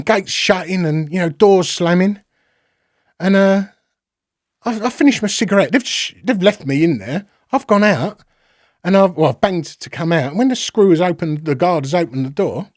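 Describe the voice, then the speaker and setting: A man's voice: a little high, expressive, a little fast, dry recording, clean studio sound. A man, a podcast guest telling a rambling story that is full of swearing and acted-out dialogue. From London. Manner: rambling, swears freely, acts out quoted exchanges. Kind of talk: casual storytelling.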